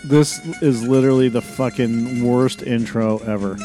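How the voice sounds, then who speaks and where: A man's voice: mid-range voice, fairly even intonation, unhurried, music in the background. A man hosting a podcast, reviewing a film in a rambling, hesitant, profane way. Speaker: podcast host.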